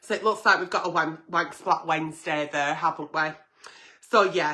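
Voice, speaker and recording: A woman's voice: lowish voice, normal speed, bright, forceful tone. A woman hosting a late-night agony-aunt stream, answering viewer letters bluntly and frankly, swearing freely. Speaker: host reading viewer letters.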